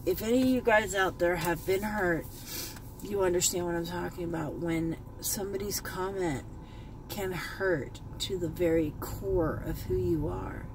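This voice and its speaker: A woman's voice: fairly low pitch, steady tone, unhurried. A woman records a heartfelt, rambling vlog from her car and takes her time over every thought. She keeps circling back over the same points, choked up at times. A faint background hum sits under her voice. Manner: heartfelt, rambling, repeats herself. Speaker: beauty vlogger. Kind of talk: emotional commentary vlog. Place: in a parked car.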